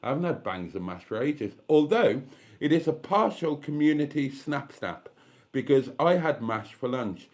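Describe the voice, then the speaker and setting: Stuffed up with a cold, a man chats on a live stream from inside a caravan with a gas fire, reading comments and tossing in wry, self-deprecating remarks. His voice is medium in pitch with a darkish tone.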